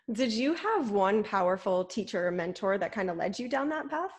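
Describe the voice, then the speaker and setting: A woman's voice: medium pitch, sing-song, a little slow, breathy edge. A woman hosting a casual interview, who affirms her guest with short interjections and asks follow-up questions. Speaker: podcast host.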